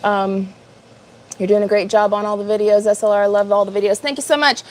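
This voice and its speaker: A woman's voice: mid-range voice, steady tone, brisk. A woman in her fifties hosting a casual livestream, chatting upbeat with viewers by name as she works. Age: 50s. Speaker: livestream host. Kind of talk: casual live chat while working.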